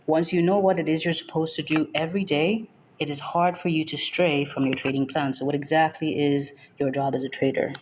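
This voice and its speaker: A woman's voice: deep voice, steady tone, fairly quick, a little mellow, slight background noise. A woman from Nigeria hosting a livestream trading lesson. She welcomes viewers by name and is firm and direct, repeating her key points. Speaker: forex trading mentor.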